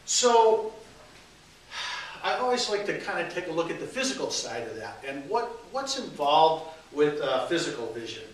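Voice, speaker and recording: Man talking in a booming, echoey hall. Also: big pitch swings, moderate pace. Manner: rambling, with many fillers and restarts. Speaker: minister giving a talk. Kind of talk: informal sermon with jokes. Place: church meeting hall. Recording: echoey hall, distant mic, faint hiss.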